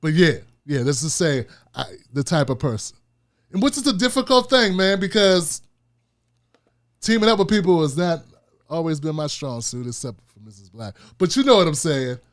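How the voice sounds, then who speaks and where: A man hosting a political commentary show, talking in an animated, casual and repetitive way. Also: on the high side, moderate pace. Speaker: host.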